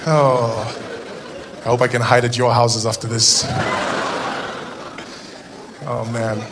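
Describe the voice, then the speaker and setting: A man's voice: mid-range voice, completely flat delivery, unhurried, heavy background noise. A man from South Africa with a South African accent, performing a stand-up comedy routine and acting out characters in funny voices. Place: comedy stage before a live audience.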